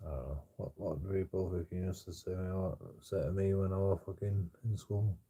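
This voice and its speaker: A man's voice: sits low, steady tone, moderate pace, mellow, slightly rough. A man rambling in casual chat as a streamer, swearing constantly and stammering through restarts.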